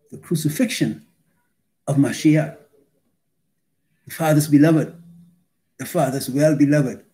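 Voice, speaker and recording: A man delivers a sermon in a slightly raised voice, measured and unhurried. He pauses between short phrases and leans on key words for emphasis. He reads scripture aloud with deliberate weight. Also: fairly high pitch, darkish tone. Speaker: preacher.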